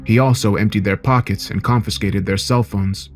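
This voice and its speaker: A man narrating a horror story in a steady, measured way. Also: fairly low pitch.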